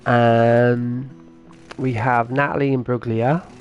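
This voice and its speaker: A man's voice: mid-range voice, level tone, slow pace, muffled recording, soft background music. A man streaming a farming game, chatting casually and answering his viewers' comments as he plays. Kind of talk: casual live-stream chat.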